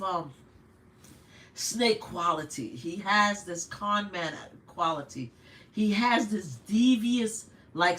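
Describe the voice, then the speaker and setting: An older American woman with a New York accent hosts a live stream, delivering blunt, animated political commentary packed with rhetorical questions. Her voice is medium in pitch.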